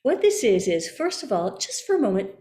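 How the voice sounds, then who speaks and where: A woman voice coach leading a workshop over a video call, giving calm, gentle cues. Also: mid-range voice, brisk, roomy sound. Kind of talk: guided workshop instruction.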